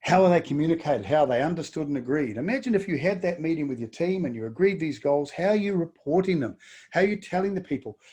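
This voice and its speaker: In a quick-paced webinar, a middle-aged Kiwi business coach speaks with a high-side, slightly rough, darkish voice and lively intonation. He is emphatic, repeating words and rattling off rhetorical questions.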